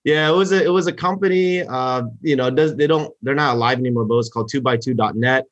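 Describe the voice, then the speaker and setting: A man's voice: medium pitch, fast talker, no room sound. Man, casual interview guest, rambling storyteller, muffled dry recording. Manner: rambling, many fillers and restarts. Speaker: guest, network marketer. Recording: dull, muffled sound.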